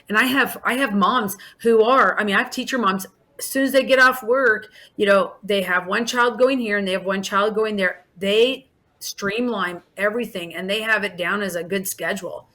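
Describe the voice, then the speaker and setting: A woman in her forties who runs an in-home daycare, talking in a casual podcast interview with a warm, chatty manner and many restarts and fillers. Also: mid-range voice. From Alaska.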